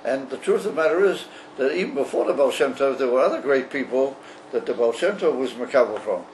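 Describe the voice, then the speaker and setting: A rabbi teaching a class on a religious text, explaining slowly and haltingly with frequent pauses and fillers. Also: male voice, mid-range voice, animated, a little mellow, slight background noise, rough recording.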